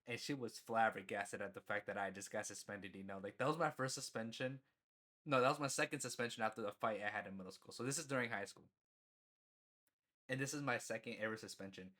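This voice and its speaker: A man's voice: on the low side, a bit bright. A young man casually telling a story from his school days, rambling, filling gaps with "you know" and swearing freely. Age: young adult. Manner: laughs at himself mid-story. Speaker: storyteller vlogger.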